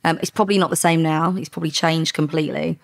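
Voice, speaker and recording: A middle-aged woman, a former undercover police officer, telling lively stories in a podcast interview and acting out the dialogue. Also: low voice, fast, gravelly. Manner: lively anecdotes with quoted dialogue, frequent laughs.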